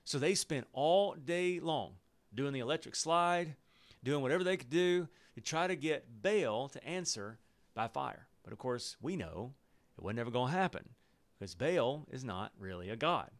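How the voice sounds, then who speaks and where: A man teaching a Bible study, reading scripture aloud and stopping to explain it in casual, joking asides. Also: medium pitch. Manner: lively and playful, laughing at the story and using slang asides; pauses the reading to explain in plain words.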